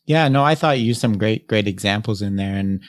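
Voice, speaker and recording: A man's voice: on the low side, brisk. A man hosting a podcast interview, speaking casually and hesitantly, with many restarts. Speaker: podcast host.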